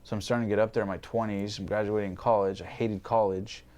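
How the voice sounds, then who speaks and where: A man's voice: on the low side, little pitch movement, fast talker, a little mellow. A man in his twenties, a podcast guest, telling his personal story candidly, swearing freely and acting out his past thoughts. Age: 20s.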